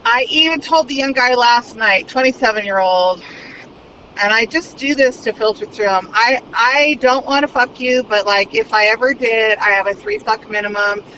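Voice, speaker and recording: A woman talks nonstop from the driver's seat, crude and unfiltered. The recording is dull and lo-fi. Traffic noise rumbles clearly behind her voice. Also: normal speed, bright, forceful tone. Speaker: vlogger. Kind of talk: rambling monologue while driving. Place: inside a car in traffic.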